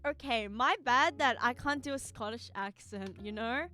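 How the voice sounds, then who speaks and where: A woman's voice: fairly high pitch, moderate pace, bright, forceful tone. A woman streaming live, chatting casually and rambling with her viewers, giggling often and using lots of filler words.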